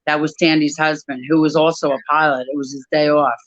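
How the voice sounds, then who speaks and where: Woman, personal testimony, halting delivery, flat pitch, dry lo-fi recording. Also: dry recording. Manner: halting, many pauses and restarts. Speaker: airline crew desk worker.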